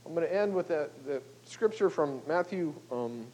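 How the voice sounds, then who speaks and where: An older male pastor delivers a sermon in a relaxed, conversational way, checking in with his listeners as he goes. His voice sits fairly high for a man. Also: moderate pace, rough recording. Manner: conversational, folksy, with frequent "okay?" and "you know".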